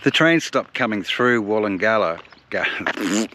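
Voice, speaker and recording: A man narrating his own travel vlog straight to the camera, poking fun at himself as he goes. He speaks at a slow, unhurried pace in a middle voice. He was recorded outdoors on location, with loud noise all around him. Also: mid-range voice, expressive. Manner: chatty, self-mocking, talks to the camera. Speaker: travel vlogger.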